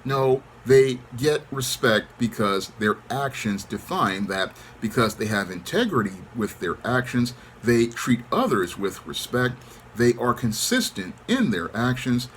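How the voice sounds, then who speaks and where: A middle-aged man hosting his channel, speaking in a calm, controlled monologue. He keeps a measured tone and often repeats set phrases. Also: medium pitch, slight background noise. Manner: calm, controlled, even-toned delivery. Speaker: channel host. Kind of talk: monologue to camera.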